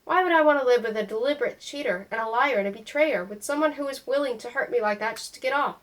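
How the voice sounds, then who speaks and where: A woman's voice: a little high, fast, lightly acted, low-quality recording. A woman reading a novel aloud, voicing a blunt, outspoken mother who speaks firmly and emphatically. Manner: firm and emphatic.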